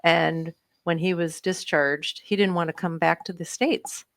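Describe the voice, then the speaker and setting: A woman guest on a radio show shares family memories conversationally. Her voice sits a little low for a woman, and the sound is close and dry. She gets livelier when she quotes others. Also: fairly even intonation, measured pace, no room sound. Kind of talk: casual storytelling. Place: radio studio.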